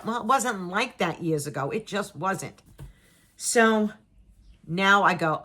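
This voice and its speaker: A middle-aged woman spins a personal story for her viewers, voice at an ordinary middle pitch. She tells it dramatically, acting out her own and other people's lines and repeating words to drive the point home. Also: lively intonation, normal speed, a bit bright, husky. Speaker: vlogger telling a personal story. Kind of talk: casual storytelling to camera.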